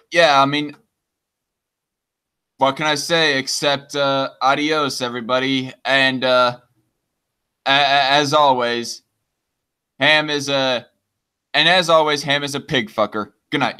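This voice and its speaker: A man's voice: mid-range voice, slow pace, pauses often, sharp tone, smooth. A man hosting a casual live stream, stammering and trading crude jokes with a guest. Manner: stammering, crude joking banter.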